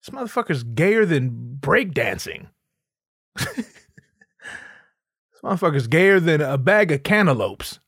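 A man's voice: on the high side, sing-song, unhurried, long pauses, a bit bright, slightly rough, no room sound, studio quality. A man hosting a podcast, riffing sarcastically and profanely in a casual comedic monologue. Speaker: podcast host.

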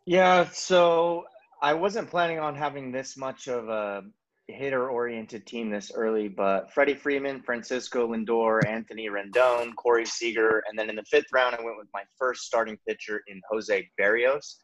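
A man's voice: medium pitch, fairly even intonation, normal speed, fairly bright tone. A man talking as a podcast guest, explaining his choices in a matter-of-fact, casual way. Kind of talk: casual chat. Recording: dull lo-fi audio.

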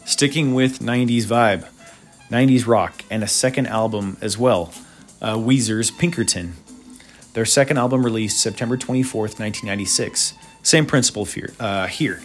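A man's voice: mid-range voice, moderate pace, soft background music. A man hosting a casual podcast, talking through albums in a laid-back, chatty way with lots of filler uhs and opinionated asides. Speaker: podcast host. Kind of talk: casual music review monologue.

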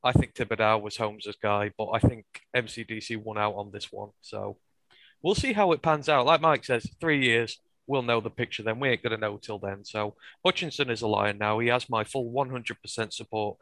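Man, frank podcast co-host, lowish voice, dry sound. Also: normal speed, a bit bright, dry recording, low-quality recording. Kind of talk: casual sports discussion.

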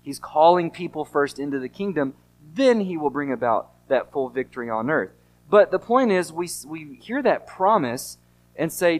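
A man's voice: fairly high pitch, lively intonation, moderate pace. A man preaching a sermon as pastor, earnest and emphatic, often asking rhetorical questions.

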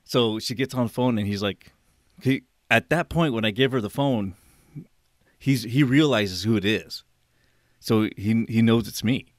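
A man's voice: medium pitch, a little slow, dry recording, studio quality. A man co-hosting a podcast, telling a funny story in casual chat. He laughs as he talks and acts out what people said. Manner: animated, laughing storyteller who acts out quotes. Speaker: podcast co-host.

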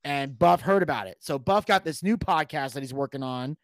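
A man's voice: fairly high pitch, a little fast, dry recording. A man telling a long story on a podcast as a guest, casually and with plenty of swearing, acting out what people said. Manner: animated, profane, acts out quotes.

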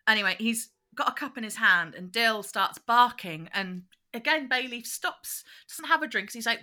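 A woman's voice: a little high, a little slow, bright, forceful tone. A woman, co-hosting a podcast and chatting casually as she retells a children's show, breaking into quoted voices. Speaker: podcast co-host.

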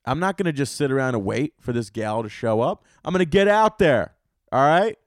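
A man's voice: mid-range voice, a little fast, dry recording, studio quality. Profane rambling male comic. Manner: bursts of loud excitement. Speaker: podcast host and stand-up comedian. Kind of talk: solo podcast storytelling.

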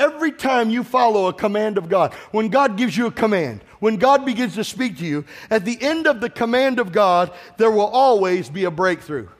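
High-voiced preacher in a reverberant hall. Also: male voice. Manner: exhorting, calls for congregation responses, tells personal stories. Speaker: pastor. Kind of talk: sermon. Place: church sanctuary with congregation. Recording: long reverb of a large hall.

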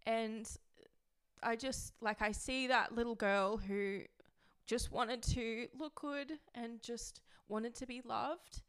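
A woman's voice: fairly high pitch, a little slow, a bit bright, clean tone. A young woman hosting a podcast, talking candidly and emotionally about her past, with frequent "like" fillers. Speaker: podcast host. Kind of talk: candid personal monologue.

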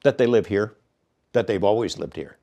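A man in a played interview clip, calmly laying out speculative ideas. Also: on the low side, normal speed.

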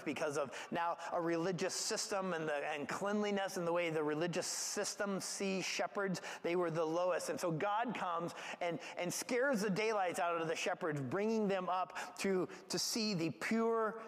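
A man preaching a sermon as pastor, talking in a conversational, animated way with asides and restarts. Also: a little high, in a large hall. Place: church gathering.

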